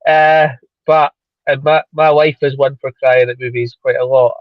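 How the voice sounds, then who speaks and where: Middle-aged man, casual stream co-host, halting repetitive delivery, muffled and dry. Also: mid-range voice, steady tone, no room sound. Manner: halting, many repeated words, chuckles. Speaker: livestream co-host. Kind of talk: casual chat. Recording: dull lo-fi call audio.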